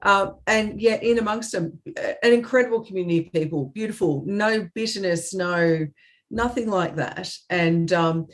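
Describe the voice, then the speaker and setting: A woman's voice: mid-range voice, normal speed. A woman co-hosting a comedy chat over a video call, telling a story in an earnest, hesitant way with many ums. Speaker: comedy show co-host.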